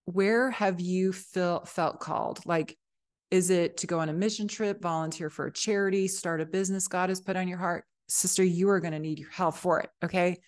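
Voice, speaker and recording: A woman with a slightly low-pitched voice hosts a faith-based fitness podcast. She talks straight to her listeners in an exuberant, preachy pep-talk style and keeps calling them sister. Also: fairly even intonation, normal speed. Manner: reads scripture aloud. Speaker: podcast host.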